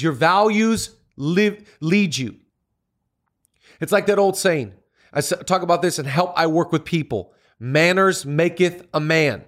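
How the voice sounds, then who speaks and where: A middle-aged man, a pastor and podcast host, giving an energetic motivational talk on leadership with emphatic, repeated phrases like a sermon. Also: high-pitched. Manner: energetic preaching delivery with emphatic repetition.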